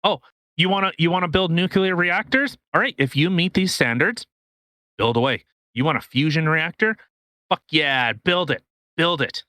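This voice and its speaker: On a laid-back podcast, a co-host from Canada goes on a political tirade in a bright voice that sits a touch high for a man. His talk is a restless, profane ramble full of false starts, at a moderate pace, recorded dry and close with no room sound.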